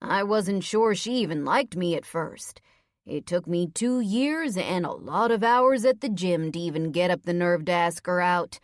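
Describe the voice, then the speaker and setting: Woman voicing a gentle officer, slow and wry. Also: lowish voice, no room sound, studio quality. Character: male police officer, friendly, soft-spoken young father. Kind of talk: audiobook character voice.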